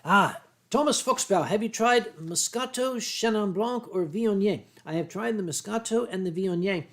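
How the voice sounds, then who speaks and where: A middle-aged American man talks in a Philadelphia accent, answering his stream chat at an easy ramble. His voice sits a touch high for a man. He clears his throat often and trips over his own restarts. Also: normal speed, fairly bright tone, a little hiss or hum. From United States. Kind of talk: casual livestream chat.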